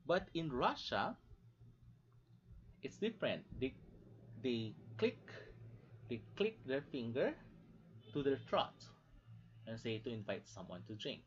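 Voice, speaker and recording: A man's voice: medium pitch, very animated, takes it slowly, pauses often, a little hiss or hum. A man from the Philippines with a Filipino English accent, giving a classroom lecture, repeating key phrases and checking in with "okay?". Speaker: teacher. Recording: dull lo-fi recording.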